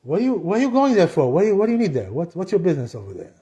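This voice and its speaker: A man's voice: high voice, wildly swooping pitch, rapid-fire, warm tone. A man voicing a scheming male devil who badgers with incredulous questions. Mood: sly.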